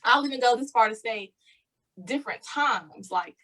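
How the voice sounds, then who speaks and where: A woman's voice: on the high side, lively intonation, moderate pace, fairly bright tone, low-quality recording. A woman speaking in a reflective, conversational way on a casual chat panel about motherhood.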